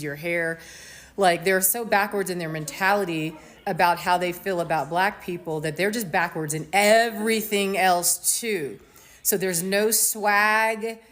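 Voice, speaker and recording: A woman's voice: mid-range voice, a bit bright. A woman from the United States hosting her own show, giving a blunt, emphatic commentary monologue full of fillers and restarts. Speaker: show host.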